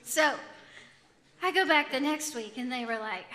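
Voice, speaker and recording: A woman giving a lively testimony talk to a group as a ministry speaker, often laughing as she tells it. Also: high-pitched, a little slow, long pauses. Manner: animated, laughing storyteller.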